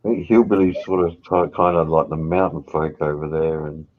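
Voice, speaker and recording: A man's voice: very deep voice, steady tone, moderate pace, phone-quality sound. A man in laid-back banter with a friend over voice chat, ribbing him and laughing easily. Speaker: gamer chatting with a friend.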